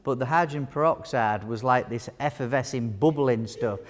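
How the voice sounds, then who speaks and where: A man's voice: mid-range voice, normal speed, hardly any pauses. Chatty man teaching a hall. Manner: chatty, jokey, quizzes the audience. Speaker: wound care nurse presenter. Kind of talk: live conference teaching talk. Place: large hall with audience. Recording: long hall reverb.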